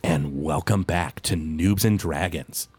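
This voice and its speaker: A man's voice: deep voice, takes it slowly, a little mellow, breathy edge. A man running a tabletop game as game master, narrating in a rambling way with many fillers.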